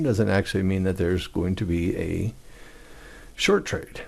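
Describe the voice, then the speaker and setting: Casting: male trading instructor, low voice with a gravelly edge, casual screen-share explainer. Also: a little slow, a little mellow. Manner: casual, conversational, acts out trader frustration.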